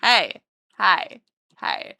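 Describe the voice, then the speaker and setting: A woman's voice: drawn-out words, bright, forceful tone, no room sound, clean studio sound. A woman streamer chatting casually and playfully with her chat while drawing, rambling from one thought to the next. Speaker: streamer and artist.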